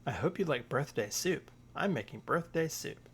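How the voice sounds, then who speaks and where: A man reading a storybook aloud, voicing an eager, excitable little bear cub. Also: fairly high pitch, moderate pace, creaky. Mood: cheerful.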